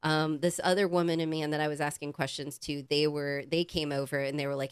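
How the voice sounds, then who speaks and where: A woman co-hosting a podcast, telling a casual story in a lively, swearing, animated way and acting out the quotes. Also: low voice, quick pace, hardly any pauses, smooth, no echo, studio quality. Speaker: podcast co-host.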